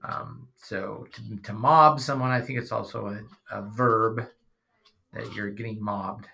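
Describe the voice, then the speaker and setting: Middle-aged dad, casual chat, bright and forward tone, halting, dry humor. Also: male voice, fairly low pitch, steady tone, gravelly. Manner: rambling, hesitant, dry sarcasm. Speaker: podcast guest, father.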